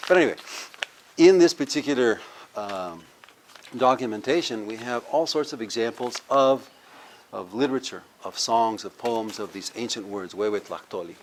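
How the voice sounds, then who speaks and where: A man's voice: mid-range voice, moderate pace. Male professor, mid-range voice, patient step-by-step lecture delivery with call-and-repeat drills; faint background noise. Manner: explains step by step and has the audience repeat words. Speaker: university professor giving a lecture. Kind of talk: live language lecture. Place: cultural center with a live audience.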